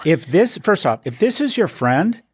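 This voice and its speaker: A man's voice: high voice, very animated, normal speed, breathy edge, no echo. A middle-aged man co-hosting a podcast, telling stories sardonically and building to indignant emphasis. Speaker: podcast co-host. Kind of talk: casual opinionated chat.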